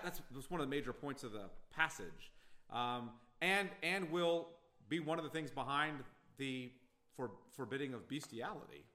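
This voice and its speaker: A pastor preaching an expository sermon, emphatic and repeating phrases for stress. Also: male voice, a little high, bright, forceful tone. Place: church sanctuary.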